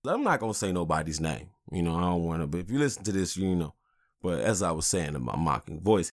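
A man's voice: low voice, sing-song, fast talker. Angry podcast dude in his 30s, cussing, ranting at listeners, keeps saying you know what im saying. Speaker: podcast host.

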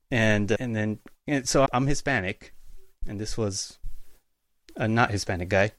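A man speaking as a guest in a casual interview, telling work stories in a relaxed, easygoing way. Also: fairly low pitch, a little slow, no echo, clean studio sound. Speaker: guest, utility locator.

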